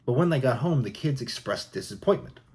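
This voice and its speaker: A man reading jokes aloud in a soft, unhurried ASMR style. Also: medium pitch, animated. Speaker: joke reader.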